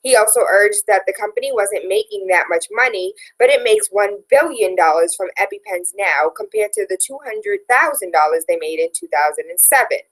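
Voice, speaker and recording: A woman's voice: medium pitch, lively intonation, fairly quick, few pauses, poor audio. A woman hosting a talk show, reading news items aloud and adding opinionated, sarcastic commentary. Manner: opinionated, sarcastic, reads headlines then riffs. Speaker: radio talk show host.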